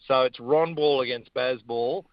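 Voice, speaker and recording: A middle-aged man with an Australian accent, a guest chatting casually about sport in a blokey, animated way. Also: medium pitch, unhurried, no echo, muffled recording. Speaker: guest, former rugby player and radio host.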